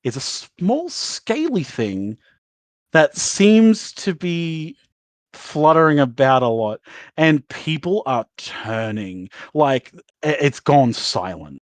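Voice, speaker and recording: A man's voice: fairly high pitch, big pitch swings, slow, dry recording. A man narrating as game master of a tabletop role-playing game, rambling with lots of fillers and laughing often.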